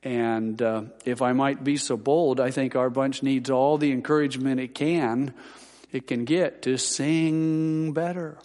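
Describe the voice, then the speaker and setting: A man's voice: mid-range voice, steady tone, unhurried, darkish tone. A man, a Baptist pastor, giving rambling, homespun church announcements to his congregation, with lots of fillers and dry humorous asides. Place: large church sanctuary. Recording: long reverb of a church hall.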